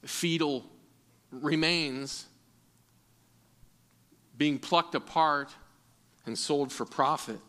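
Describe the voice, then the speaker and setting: A man's voice: a little high, drawn-out words, long pauses, fairly bright tone. A man preaching a sermon in an earnest way, often repeating words as he restarts. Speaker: pastor.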